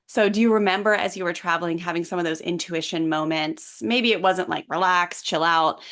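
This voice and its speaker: A woman's voice: on the low side, a little fast. A woman hosting a podcast interview, chatty and encouraging, with lots of "like" fillers. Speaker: podcast host. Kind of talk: interview conversation.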